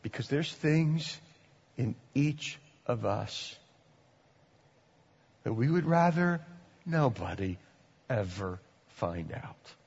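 A man preaching a sermon in a church, swinging between loud, dramatic lines and hushed, drawn-out ones. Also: mid-range voice, lively intonation, vocal fry, slightly rough, long reverb tail, dull audio. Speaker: pastor. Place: church hall.

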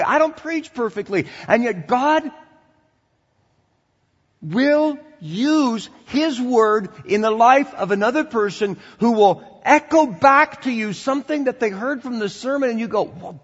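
A man preaches to his congregation in a church sanctuary, his fairly high voice carrying a long reverb. The sound is somewhat muffled. He swings from loud, animated exhortation to quiet, chatty asides. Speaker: pastor. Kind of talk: sermon.

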